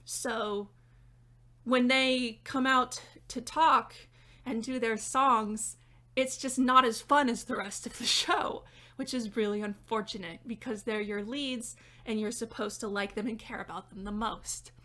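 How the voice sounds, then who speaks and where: Reviewer type: young woman, bright and forceful, chatty, laughs a lot, higher voice. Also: unhurried. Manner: chatty and animated, laughing between points. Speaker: theater critic and dramaturg. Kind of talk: casual video review. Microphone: reading notes off-camera.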